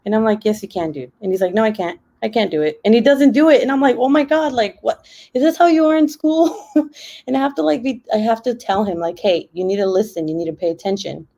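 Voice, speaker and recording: A young woman chatting casually on a home live stream, full of "like" fillers and quick laughs. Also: medium pitch, gravelly, dark tone, highs cut off. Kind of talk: casual chat while crafting. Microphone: laptop.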